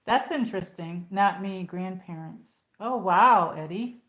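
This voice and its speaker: A woman's voice: medium pitch, measured pace, fairly bright tone. Woman rambling on a livestream, lots of ums, talks to chat, roomy echo. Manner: chatty, rambling, many fillers. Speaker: livestream host. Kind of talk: casual livestream chat reading comments.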